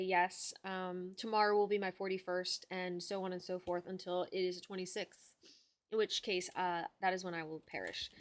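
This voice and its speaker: A woman streaming a video game, commenting in a loud, jokey, reactive way and swearing a lot. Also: on the low side, flat delivery, normal speed, dry recording. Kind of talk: let's play commentary.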